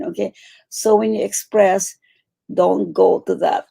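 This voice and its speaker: A woman teaching a meditation class, coaching her students gently and repeating phrases for emphasis. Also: mid-range voice, fairly even intonation, measured pace, vocal fry, slightly rough. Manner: warm coaching, repeats phrases, acts out quoted pleas.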